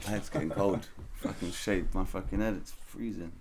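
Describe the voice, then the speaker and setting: A man's voice: sits low, normal speed, background noise. A man chatting casually, blunt and sweary with street slang. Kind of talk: casual chat.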